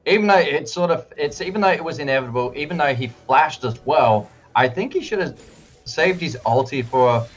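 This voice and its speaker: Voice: mid-range voice, brisk, faint music behind. An Australian esports co-caster giving chatty color commentary, full of fillers, with the hiccups. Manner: chatty, many "like" fillers, animated.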